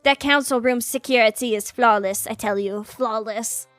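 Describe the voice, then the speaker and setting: A woman's voice: sits high, very animated, normal speed, bright, forceful tone, faint music behind, full character voice. A woman voicing a haughty, aristocratic male bird who acts as student council president, reading the game's dialogue aloud in a pompous, disdainful way.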